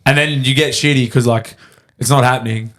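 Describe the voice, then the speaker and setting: A young Australian man chatting on a podcast, dishing out matey, easygoing advice. He talks things through in a loose, friendly way. His voice sits at an ordinary pitch for a man. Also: steady tone, brisk, fairly bright tone. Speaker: podcast co-host. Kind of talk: casual chat.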